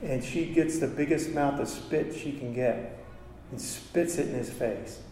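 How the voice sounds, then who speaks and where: Preacher in an echoey church. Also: male voice, mid-range voice, unhurried, background noise. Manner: storytelling, emotional, calls for amens. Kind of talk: sermon. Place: church hall. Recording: echoey hall from far off.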